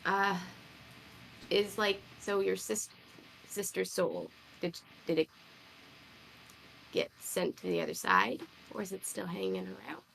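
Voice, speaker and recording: A woman's voice: on the low side, animated, slow, gravelly, pauses often, fairly bright tone, slight background noise, low-quality recording. A woman playing a character in a tabletop roleplay, laid-back and answering with short reactions. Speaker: tabletop player. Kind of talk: casual roleplay chat.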